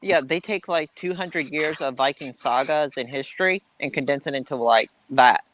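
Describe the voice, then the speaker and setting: A man's voice: fairly high pitch, normal speed, a bit bright, a little hiss or hum, poor audio. A man chatting on a video call as a guest, rambling through history with many ums and self-corrections. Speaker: guest, a heathen polytheist. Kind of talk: casual group chat.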